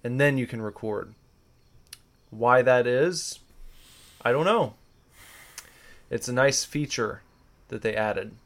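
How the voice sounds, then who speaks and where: A man's voice: mid-range voice, steady tone, a little slow, long pauses. A man co-hosting a podcast, chatting loosely and rambling with fillers. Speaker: podcast co-host. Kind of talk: casual podcast chat.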